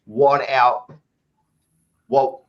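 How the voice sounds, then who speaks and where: A man's voice: mid-range voice, wildly swooping pitch, drawn-out words, vocal fry, muffled recording. An Australian man hosting a podcast, chatting casually and reading out live chat messages with jokey, blokey banter, calling everyone mate. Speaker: podcast host.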